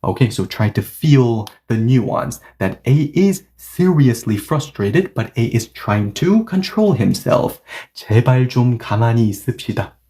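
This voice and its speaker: A man's voice: mid-range voice, sing-song, slow, few pauses, warm tone. A man teaching a language grammar lesson, patiently repeating and restating each point and reading example sentences aloud at several speeds.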